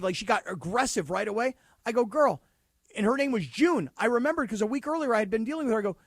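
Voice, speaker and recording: Radio cohost guy, high voice, reacts big and exasperated, dry studio mic. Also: lively intonation, quick pace, no room sound. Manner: emphatic reactions and exasperated asides. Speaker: radio sports talk co-host. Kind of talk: casual radio talk banter. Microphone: studio broadcast mic.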